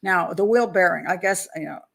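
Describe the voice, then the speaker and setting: Woman reading a true crime book out loud, stops to comment in a loose chatty way, acts out the quotes. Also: lowish voice, brisk, gravelly. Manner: chatty asides with restarts between read passages; dramatizes quoted lines. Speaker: criminal profiler host.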